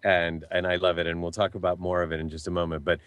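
A man hosting a talk show, enthusiastic and complimentary, with many halting fillers. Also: low-pitched, level tone, fairly bright tone, smooth, dry recording.

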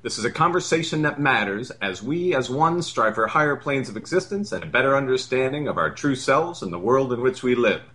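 A man's voice: medium pitch, big pitch swings, a little fast, few pauses, bright, forceful tone. A man announcing a radio show, reading a scripted introduction of the host and guest in a grand, emphatic way.

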